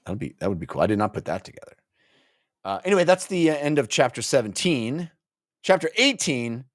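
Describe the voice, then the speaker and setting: A man co-hosts a casual book podcast, retelling scenes with lively enthusiasm and dropping into goofy character voices. His voice sits at an ordinary pitch. The sound is dry and close. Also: brisk, no echo. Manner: animated, acts out characters in silly voices. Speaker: podcast co-host.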